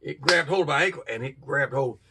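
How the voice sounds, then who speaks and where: A middle-aged man, telling a childhood ghost story in a folksy, drawn-out way with sudden bursts. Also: on the high side, far from the mic, noisy background. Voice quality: gravelly, husky. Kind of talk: casual spoken ghost story.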